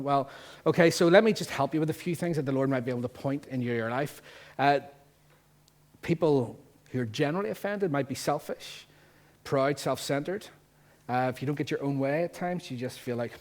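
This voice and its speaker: A man with a Northern Irish accent preaching a sermon as pastor, lively and jokey, full of rhetorical questions. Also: medium pitch, normal speed. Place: church.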